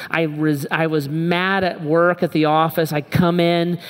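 A man's voice: on the high side, little pitch movement, a little slow, clear, resonant tone. Pastor, middle-aged man: frank, emphatic sermon delivery with repeated phrases, recorded in a big echoing hall. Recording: long reverb from a large hall.

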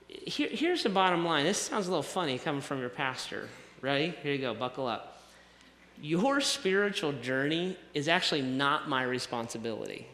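Bright-voiced male pastor in echoey hall. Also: on the high side. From American South. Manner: conversational, self-deprecating preaching with repetitions. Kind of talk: sermon. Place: church sanctuary. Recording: echoey hall with long reverb.

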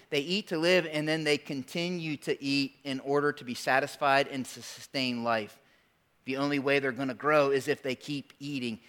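A man's voice: on the high side, pushed and bright. A man in his forties preaching a sermon, storytelling with animation and calling out to his congregation. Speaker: pastor.

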